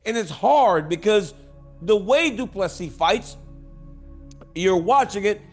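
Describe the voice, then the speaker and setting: A man's voice: sits high, lively intonation, slow, faint music behind. A man talking casually and enthusiastically about an upcoming fight. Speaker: fighter giving a prediction. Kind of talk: casual conversational prediction.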